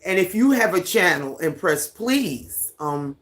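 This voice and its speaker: A livestream host who has lived on a Caribbean island for ten years, chatting casually with viewers at home and reading out their comments in an unhurried way. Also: medium pitch. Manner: relaxed, unhurried, greets and reads out viewer comments. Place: at home, indoors, near a fan.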